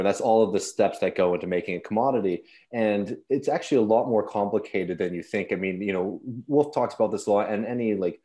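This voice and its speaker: A man presenting an economics segment in an earnest, explanatory way, pausing with fillers. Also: on the low side, warm tone. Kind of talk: casual explanation.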